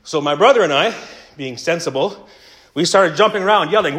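A man's voice: high voice, animated, brisk, over music. A Canadian man telling a funny story in a casual sermon, with self-mocking humor. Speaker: preacher.

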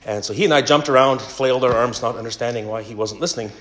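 A man's voice: medium pitch, quick pace. Canadian guy preaching, tells stories, jokes at himself. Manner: animated storyteller, self-mocking humor. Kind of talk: casual sermon storytelling.

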